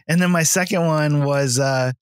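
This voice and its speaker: A man's voice: a little high, measured pace, clear, resonant tone, dry recording. A man co-hosting a casual film chat, telling rambling stories with lots of fillers, laughs and swearing. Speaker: podcast co-host.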